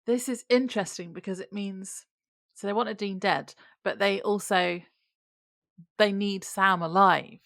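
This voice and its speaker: A woman's voice: medium pitch, fairly even intonation, unhurried, creaky, a bit bright, no echo, studio quality. A woman co-hosting a podcast in casual chat, chiming in with short remarks and laughing often. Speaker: podcast co-host.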